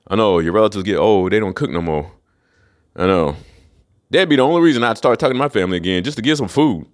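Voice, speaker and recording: A man hosting a solo podcast, ranting in a casual, profane and emphatic way. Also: mid-range voice. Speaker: podcast host.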